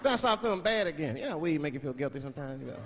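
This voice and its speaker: Animated, high-voiced male stand-up comic. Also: very fast, a crowd in the background. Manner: loose, profane storytelling with acted-out quotes. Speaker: stand-up comedian. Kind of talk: stand-up comedy routine. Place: live comedy stage. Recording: live show with loud audience noise.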